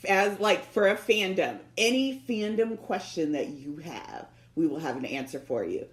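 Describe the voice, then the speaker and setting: A woman with a medium-pitched voice speaks at a moderate pace as a podcast co-host in casual chat. She tells animated stories packed with acted-out quotes and laughs often. The room sounds echoey.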